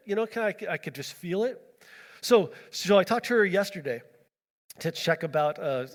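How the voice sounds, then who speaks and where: Chatty man preaching in an echoing hall. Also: fairly high pitch. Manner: chatty, animated storytelling with many fillers and acted-out quotes. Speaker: pastor. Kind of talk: storytelling sermon.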